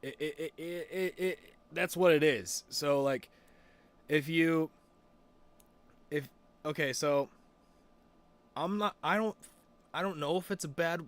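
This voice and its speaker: Young male streamer, casual and rambling, swears a lot, middle pitch. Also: fairly bright tone. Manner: rambling, many fillers and restarts, swears freely. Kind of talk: casual chat.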